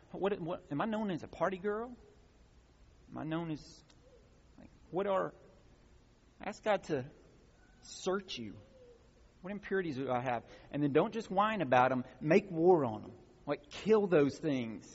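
A man with a fairly high, husky voice preaches a teaching sermon. He explains the passage plainly, then pushes into emphatic calls to action. The sound is muffled and rings with the long reverb of a large hall. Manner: teaching, builds to emphatic exhortations. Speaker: pastor.

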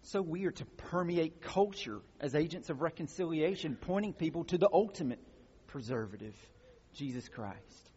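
A man with a fairly high, husky voice preaches a teaching sermon. He explains the passage plainly, then pushes into emphatic calls to action. The sound is muffled and rings with the long reverb of a large hall. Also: brisk, hardly any pauses, warm tone. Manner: teaching, builds to emphatic exhortations. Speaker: pastor.

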